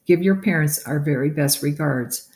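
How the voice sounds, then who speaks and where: A reader doing a hushed, grateful village shopkeeper woman in a storybook, eager to please. Her pitch is middling. There is a roomy echo around her. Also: normal speed, natural voice.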